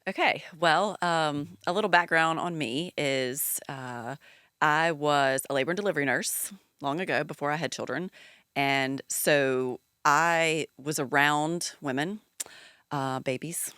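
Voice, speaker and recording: A woman in her forties with a Southern US accent, a podcast guest chatting casually, laughing easily and filling pauses with ums. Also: sits low, clear, resonant tone, dry recording, studio quality. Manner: chatty, warm, laughs easily, many fillers. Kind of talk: casual chat.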